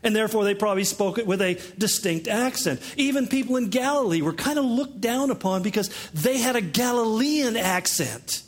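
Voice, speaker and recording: A pastor preaching a conversational sermon, teaching with joking asides. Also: male voice, high-pitched, expressive, normal speed, hardly any pauses.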